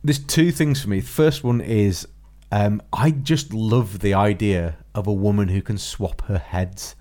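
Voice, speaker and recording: A man co-hosting a casual film review podcast, talking in a relaxed, hesitant way. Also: fairly low pitch, measured pace. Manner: relaxed, hesitant, with many fillers. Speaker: podcast co-host.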